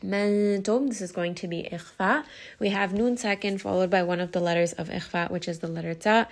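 A woman teaching Quran recitation rules in a calm, methodical way, pausing to model words slowly. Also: on the low side. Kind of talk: tajweed lesson, explaining and modelling recitation.

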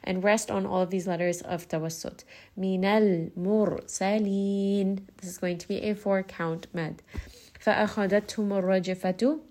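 A woman teaching Quran recitation rules in a calm, methodical way, pausing to model words slowly. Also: lowish voice. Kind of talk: tajweed lesson, explaining and modelling recitation.

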